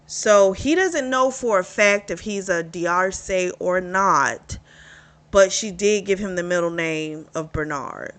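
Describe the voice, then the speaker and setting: A woman's voice: fairly low pitch, a bit bright. A woman casually recapping a romance novel's plot as a book reviewer, chatty and candid, with free swearing.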